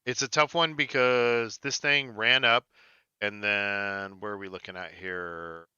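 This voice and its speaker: Male podcast co-host, bright and forceful tone, animated and jokey, dry slightly dull recording. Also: lowish voice, a little slow, clean tone, no echo. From United States. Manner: animated, jokey, laughs often. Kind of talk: casual podcast chat.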